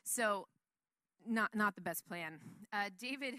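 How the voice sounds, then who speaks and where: A woman's voice: medium pitch, lively intonation, slow, pushed and bright, no room sound, clean studio sound. A woman giving a casual Bible teaching in a chatty, rambling way, laughing often.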